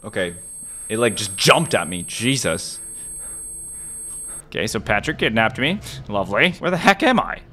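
A young man hosting a horror game playthrough, excitable, jumping from low muttering to loud yelps. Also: normal speed, long pauses, slight background noise. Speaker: gaming video host. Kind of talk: let's-play horror game commentary.

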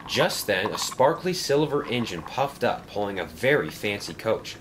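A man reads a children's train story aloud in an expressive way. His pitch rises and falls a lot. A faint ambience sits in the background. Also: normal speed, slight background noise. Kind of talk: storybook narration.

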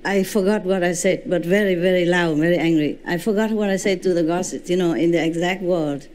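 A woman spiritual teacher giving a lecture in non-native English, telling stories with lively reenactments and often checking in with "you know" and "okay?". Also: on the low side, a little fast. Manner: animated storytelling, reenacting her own shouts. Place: indoor lecture at a retreat. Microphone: microphone.

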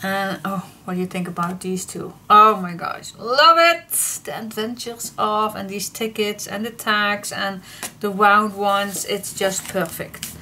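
Gushing Dutch-accented woman, slow bright voice. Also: medium pitch, a little hiss or hum. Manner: gushing, excitable, repeats oh my gosh. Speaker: paper craft channel host. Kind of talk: casual crafting vlog.

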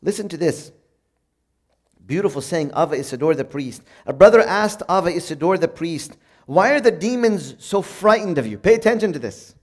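A man preaching a sermon in a conversational way, reading from old sayings and acting out everyday moments in a bright, upbeat voice. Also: on the high side, animated, moderate pace.

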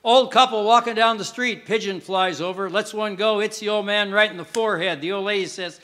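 A man performing a stand-up comedy routine on a stage, telling short jokes and dropping punchlines in a deadpan way. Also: high voice, fairly quick. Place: theater stage with live audience. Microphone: stage microphone.

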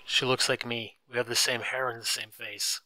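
A man's voice: mid-range voice, little pitch movement, moderate pace, sharp tone, no room sound, poor audio. A man voicing a glamorous, affectionate young mother who speaks sweetly in a storybook reading. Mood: doting.

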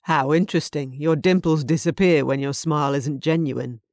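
A woman's voice: deep voice, moderate pace, darkish tone, no room sound, studio quality. A woman narrator voicing a blunt, direct man recovering from illness in an audiobook. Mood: dry.

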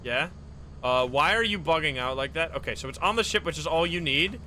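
A man streaming a co-op game with friends, chatting casually, swearing and exclaiming when things go wrong, then dropping to low mutters. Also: expressive, fairly quick, pushed and bright. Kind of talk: casual live game chat. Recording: noisy live stream audio.

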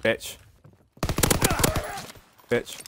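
A man's voice: very slow, very noisy. A man giving casual gameplay commentary as a channel host, frustrated and swearing as he plays. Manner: frustrated, swearing, raging at the game.

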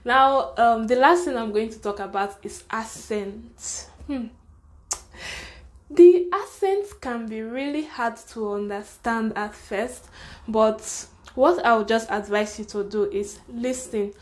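Young woman, Nigerian accent, higher voice, fast and chatty, frank advice, casual vlog. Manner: chatty, fast, frank, with frequent laughter and "sha". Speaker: vlogger.

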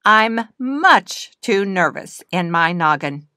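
A woman's voice: on the low side, sing-song, slow, sharp tone, no echo, clean studio sound, exaggerated voice. A woman voicing a nervous, stubborn little girl nandu bird in a storybook reading, refusing things in anxious, whiny refrains.

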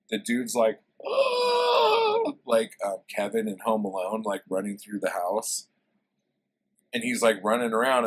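Slow, husky man rambling about a book. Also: fairly low pitch, a bit bright, poor audio. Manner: rambling, profane, lots of fillers. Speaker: book reviewer. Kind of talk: casual book retelling.

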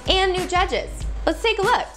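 A woman's voice: extremely high pitch, lively intonation, normal speed, loud music behind the voice. Upbeat woman hosting entertainment segment. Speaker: show host. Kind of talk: scripted segment links.

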